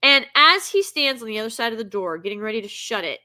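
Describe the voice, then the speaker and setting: A woman's voice: a little high, expressive, fast, bright, forceful tone. A woman giving a casual film reaction review, sarcastic and exasperated as she rants.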